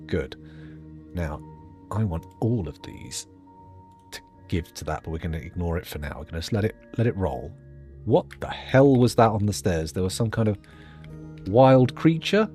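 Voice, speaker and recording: Lively, rambling man narrating gameplay. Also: on the low side, measured pace, faint music behind. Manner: rambling, jokey, muttering asides to himself. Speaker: let's play host. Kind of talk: gameplay commentary.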